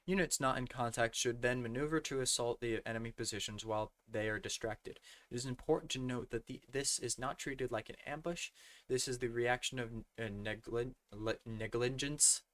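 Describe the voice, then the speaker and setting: A man's voice: medium pitch, fairly even intonation, a bit bright. Young man stumbling through a read-aloud tutorial. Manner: halting, stumbling over words and correcting himself. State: losing his voice. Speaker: gaming community tutorial presenter. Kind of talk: reading slides aloud with stumbles.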